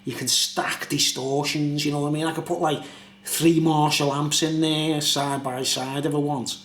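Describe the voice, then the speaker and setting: A man's voice: a little high, flat delivery, moderate pace, a bit bright, roomy sound. A British man chatting in a rambling, casual way for his vlog, often asking "you know what I mean?". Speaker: YouTuber reviewing beer.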